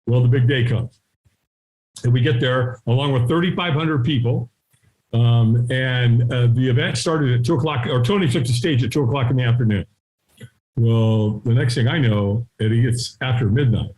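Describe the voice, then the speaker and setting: A middle-aged man telling a story as a podcast guest. His talk is punchy and animated, he often ends sentences with "right?", and he acts out the people in his story with quick shifts of voice. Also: mid-range voice, low-quality recording. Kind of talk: storytelling in a conversational interview.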